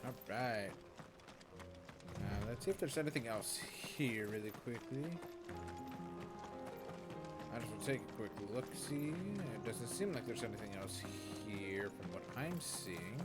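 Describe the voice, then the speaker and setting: A man streaming a video game, chatting in a relaxed, casual way and swearing now and then. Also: mid-range voice, unhurried, long pauses. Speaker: gaming streamer. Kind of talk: casual live-stream commentary. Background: game music.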